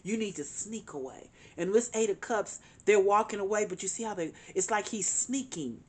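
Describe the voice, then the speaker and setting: Female tarot reader, mid-pitched, earnest, emphatic delivery that repeats its warnings. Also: moderate pace, a little mellow. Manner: calls on spirit guides. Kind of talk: tarot reading monologue.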